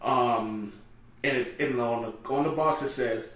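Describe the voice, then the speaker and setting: A man hosting a casual podcast, telling stories in an animated way and acting out what people said. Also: medium pitch, measured pace. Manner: animated storyteller, acts out dialogue, swears freely. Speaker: podcast host. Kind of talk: casual storytelling chat. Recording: very echoey room, a bit off mic.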